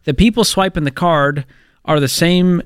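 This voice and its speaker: A man co-hosting a radio show in a casual, opinionated, wry way, reeling off figures. His voice sits a little high. The studio sound is dry and close. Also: moderate pace, clean tone, dry recording. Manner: opinionated, wry, reels off numbers. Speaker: radio co-host. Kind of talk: casual talk radio chat.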